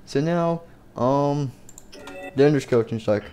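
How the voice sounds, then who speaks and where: A man casually narrating a game story in a rambling, halting way. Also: medium pitch, warm tone, clear, resonant tone, faint music behind. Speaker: youtuber.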